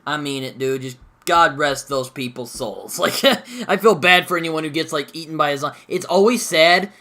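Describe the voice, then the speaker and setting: A man's voice: fairly high pitch, moderate pace, bright, forceful tone. A young man giving a casual, rambling review of a TV episode, full of fillers and mild swearing. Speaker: show reviewer.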